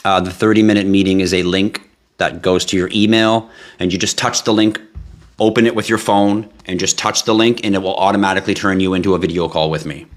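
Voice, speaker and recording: Low-pitched male livestream host, tired, relaxed and chatty, answering viewer questions off the cuff. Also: fairly quick. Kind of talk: casual live Q&A.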